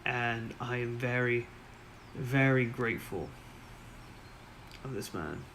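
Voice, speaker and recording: Steady guy adventurer, man doing the voice, plain and slowish, bit of hiss behind. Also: mid-range voice, rough recording. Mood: reminiscing. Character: steady male adventurer, gruff companion.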